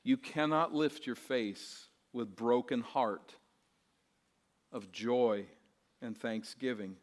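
A man preaching a sermon as pastor, earnest and rhetorical, repeating phrases and swinging between soft, quiet lines and emphatic ones. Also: medium pitch, takes it slowly. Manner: rhetorical questions and repetition.

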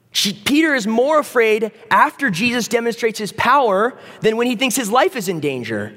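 A man preaching a sermon in a conversational, animated way, acting out the voices of the people in the story. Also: sits high, moderate pace. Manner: conversational, animated, acts out voices of biblical figures. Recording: long reverb of a hall.

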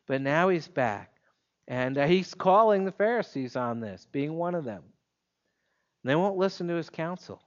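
A man preaching an expository sermon in a measured, emphatic way, leaning on pointed pauses. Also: on the high side, muffled recording.

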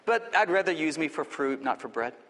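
A man's voice: on the high side, very animated, a little fast, fairly bright tone. A man reading the lines of a stubborn, picky wooden bowl from a poem in a sermon. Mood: grudging. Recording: long hall reverb.

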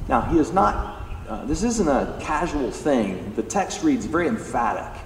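Animated man preaching in an echoey hall. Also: on the high side, normal speed. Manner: animated, emphatic, acts out quoted lines. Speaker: pastor. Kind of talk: sermon. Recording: echoey hall, distant mic, faint background noise.

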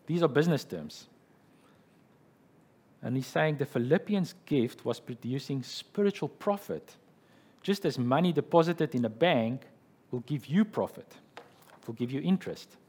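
A man's voice: medium pitch, lively intonation, measured pace, long pauses, a little mellow, slightly rough. A man preaching a sermon as pastor, explaining scripture and retelling a story in an explanatory way, often checking in with "okay" and "right".

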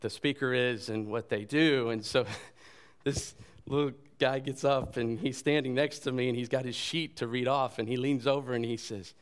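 A man in his thirties or forties, a pastor giving a sermon in a conversational, animated storytelling way. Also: mid-range voice, normal speed, clear, resonant tone.

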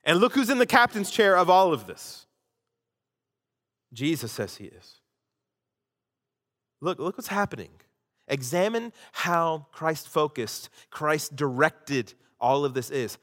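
A man pastor preaching a sermon, swinging between loud emphasis and hushed asides. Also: on the high side, very animated, takes it slowly, long pauses, big-room sound.

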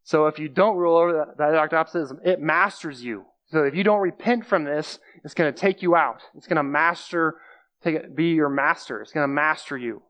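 A man's voice: on the high side, fairly bright tone, lo-fi sound. A man giving a conversational sermon, explaining scripture plainly and repeating key phrases for emphasis. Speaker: preacher.

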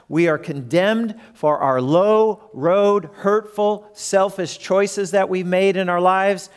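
A man preaching a sermon who retells the story and acts out the crowd and characters. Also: high voice.

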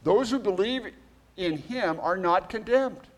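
Male pastor, lively up-and-down delivery, slightly high voice, emphatic scripture reading with chatty asides. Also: measured pace.

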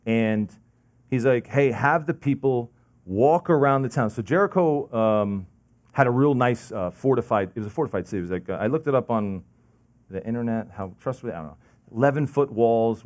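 Young guy preaching, super casual, lots of "like" and restarts, cracks little jokes, middle pitch. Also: darkish tone. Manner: conversational, lots of "like" and restarts, jokey asides. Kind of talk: casual sermon.

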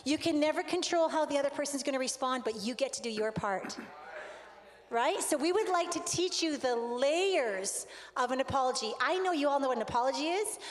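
A woman with a high voice tells a personal story from the stage in an earnest, animated sermon style. Her voice carries with a long reverb through a large hall. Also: a little fast. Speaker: speaker at a relationship conference.

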